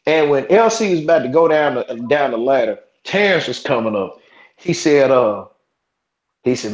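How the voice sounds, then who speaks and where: A man's voice: medium pitch, expressive, normal speed. Guy in his 40s hosting a podcast, rambles and restarts, cusses a lot, echoey room, muffled lo-fi audio. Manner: rambling, many restarts, cursing. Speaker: podcast host. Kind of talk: casual storytelling chat. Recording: roomy, dull lo-fi sound.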